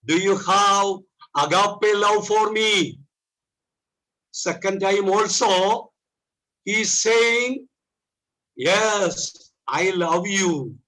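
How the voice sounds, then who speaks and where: Slow-preaching man with bright high voice. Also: rough recording. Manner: slow, repetitive preaching with rhetorical questions. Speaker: pastor. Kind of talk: sermon. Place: church.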